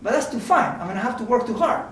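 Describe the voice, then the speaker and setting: A man's voice: extremely high pitch, expressive, quick pace. A man giving an informal mathematics seminar lecture, talking conversationally and often checking in with "okay?" and "right?". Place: lecture room. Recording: very echoey room from a distance.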